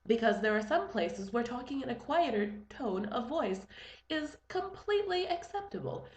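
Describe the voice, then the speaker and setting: Young female vlogger, slight lisp, lingering cold; animated and exasperated, recorded in an echoey room. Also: normal speed. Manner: animated, exasperated, with big pitch jumps. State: stuffy from a fading cold. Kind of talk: casual ranting vlog.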